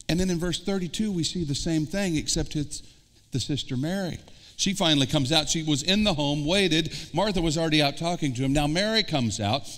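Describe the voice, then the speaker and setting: Midwestern pastor preaching in a reverberant church. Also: male voice, fairly high pitch, brisk, fairly bright tone, a little hiss or hum. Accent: American Midwest. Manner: earnest preaching, asks the congregation direct questions. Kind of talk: sermon. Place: church sanctuary.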